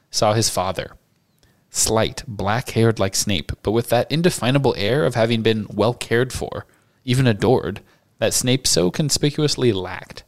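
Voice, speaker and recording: A man hosting a podcast, reading a novel aloud and discussing it. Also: mid-range voice. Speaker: podcast host and reader.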